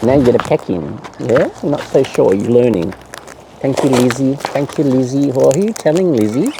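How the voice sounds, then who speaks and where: Outdoors among wild cockatoos, a bird-feeding vlogger chats to the birds in playful baby talk full of coos and silly nicknames. His mid-range voice is expressive and creaky at a normal speed. The outdoor recording is noisy.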